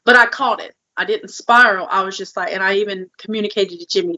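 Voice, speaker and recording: A woman's voice: medium pitch, quick pace, few pauses, sharp tone, dull audio. A woman co-hosting a podcast, talking candidly and chattily. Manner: candid and chatty, with small laughs. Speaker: podcast co-host. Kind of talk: casual chat.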